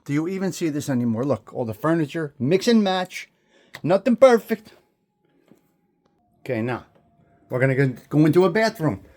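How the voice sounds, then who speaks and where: With a fairly high pitch and an expressive, slightly mellow tone, a man talks at a moderate pace and leaves long pauses. He is hosting a walking tour inside an old house, passing between rooms, admiring what he shows viewers and repeating his words.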